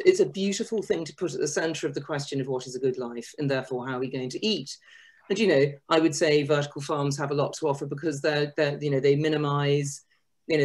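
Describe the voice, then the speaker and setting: Woman author on a video call panel, lively, kinda lower voice, lots of restarts. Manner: animated and self-deprecating, frequent restarts. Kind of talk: webinar panel discussion.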